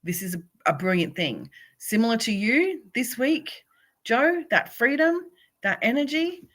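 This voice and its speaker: A woman's voice: fairly high pitch, sing-song, unhurried, a bit bright. A woman, a spiritual coach, doing a live oracle card reading and speaking encouragingly to viewers by name.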